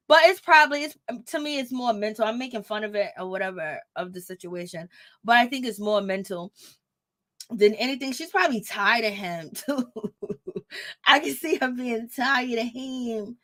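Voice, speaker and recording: High-voiced woman dishing casual gossip. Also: normal speed. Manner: animated, laughing, blunt and profane. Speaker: commentator on a reality show. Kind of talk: casual reaction commentary.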